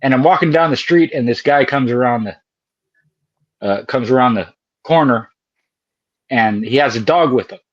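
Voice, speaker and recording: A man's voice: mid-range voice, moderate pace, pauses often. An older man, a podcast co-host, telling folksy stories in casual chat with easy laughs. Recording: dry, dull lo-fi sound.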